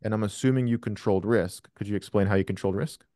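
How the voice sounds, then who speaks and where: A man's voice: lowish voice, fast talker, dark tone, no echo. A man hosting a live trading question session over a video call, blunt and profane with emphatic explanations. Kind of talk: live Q&A coaching.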